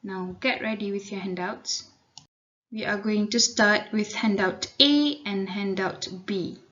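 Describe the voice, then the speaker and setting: A woman's voice: medium pitch, a little slow, a bit bright, muffled recording. A woman teacher with a Malaysian accent giving a recorded English lesson to children, explaining patiently and mixing in Malay words. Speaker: primary school English teacher.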